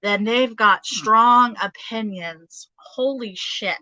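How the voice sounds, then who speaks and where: A woman's voice: a little high, slow pace, bright, forceful tone, dry recording, highs cut off. A woman giving a casual tarot reading, chatty, with many fillers and frequent laughter. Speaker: tarot reader.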